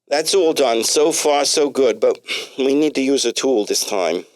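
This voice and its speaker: A man's voice: mid-range voice, expressive, measured pace, a little mellow, no room sound, studio quality, pitched above the performer's own voice, lightly acted. A man voicing a fussy, talkative male doctor with a heavy New York accent, stammering and restarting as he chatters. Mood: brisk. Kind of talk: comic storybook reading.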